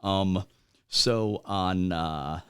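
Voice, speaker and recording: Low-voiced veteran man telling stories haltingly. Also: clear, resonant tone. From United States. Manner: halting, many fillers, laughs at grim moments. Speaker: guest, military veteran. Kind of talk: conversational interview storytelling.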